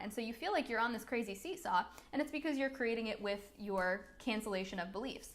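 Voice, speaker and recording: Young woman, business coach, chatty and upbeat, fairly high voice. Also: brisk, hardly any pauses, a bit bright. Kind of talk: live-streamed coaching talk.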